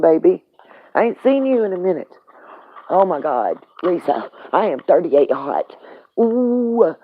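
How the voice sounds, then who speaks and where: A woman's voice: on the low side, no room sound. A woman hosting a live stream, ranting angrily with heated, profane slang while on the road. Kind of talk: angry live stream rant. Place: in a vehicle on the road. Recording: tinny phone-like audio.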